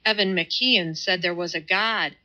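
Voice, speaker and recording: A woman's voice: on the low side, bright, forceful tone. Woman reading a fierce stubborn atheist man. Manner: slow, vehement, stubborn. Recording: slightly muffled audio.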